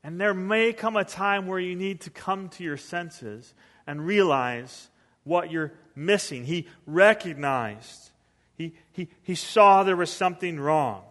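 Man, pastor, conversational sermon, high voice, long hall reverb. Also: slow pace, a bit bright. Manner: conversational, acts out quoted voices.

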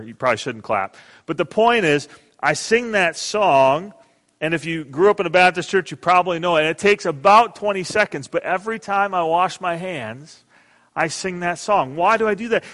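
A middle-aged man preaching a sermon as pastor, earnest and emphatic, dropping soft and quiet in prayer. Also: fairly high pitch, long reverb tail.

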